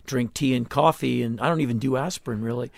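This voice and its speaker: A man's voice: mid-range voice, fast, vocal fry, no room sound, studio quality. A man in his fifties, a musician guest in a garage interview, telling stories bluntly and intensely with frequent restarts. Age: 50s. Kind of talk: casual interview conversation. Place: garage home studio.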